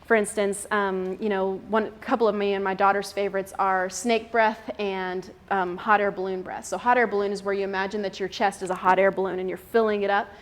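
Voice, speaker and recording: A woman's voice: mid-range voice, flat delivery, brisk, hardly any pauses. A young woman giving a casual, chatty talk to a mothers' group, laughing often and using many fillers.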